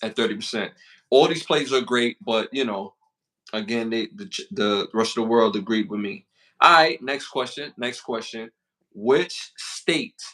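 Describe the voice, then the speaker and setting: A man's voice: medium pitch, sharp tone. A man co-hosting a podcast, chatting in a loose, slangy, laid-back way with plenty of fillers. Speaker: podcast co-host. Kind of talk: casual chat.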